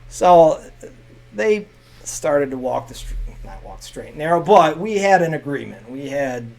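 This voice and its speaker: A man telling stories from his teaching days in a casual, animated way, rambling with restarts and jumping to loud bursts when he quotes himself. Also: on the high side, unhurried, vocal fry, low-quality recording. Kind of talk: casual storytelling.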